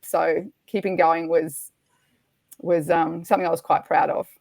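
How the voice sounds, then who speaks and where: A middle-aged woman, a podcast guest, telling a race story in a lively, animated way and acting out the quotes. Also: lowish voice, unhurried, vocal fry, no echo. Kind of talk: storytelling in casual chat.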